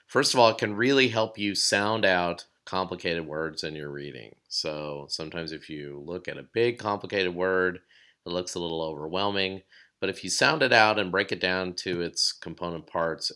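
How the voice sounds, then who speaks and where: A man giving a recorded lesson, explaining steps calmly and sounding out words slowly. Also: low-pitched, smooth. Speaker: teacher.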